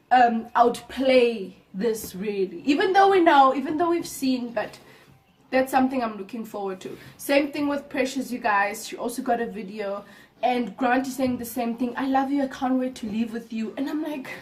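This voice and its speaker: High-voiced young woman recapping, exasperated. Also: distant mic. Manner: animated, exasperated, addresses viewers as "you guys". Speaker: reaction vlogger recapping a reality show. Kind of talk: casual chat to camera.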